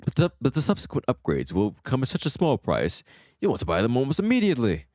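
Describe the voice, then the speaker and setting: A man voicing a jovial, boastful old male shipbuilder and salesman, straining to sound gruff while reading game dialogue aloud. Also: mid-range voice, wildly swooping pitch, fast talker, a little mellow, no echo, clean studio sound, voice pushed up.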